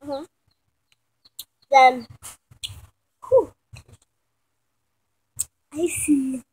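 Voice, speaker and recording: A woman's voice: high voice, drawn-out words, a little mellow. A woman telling an improvised story in a rambling way, often restarting and correcting herself.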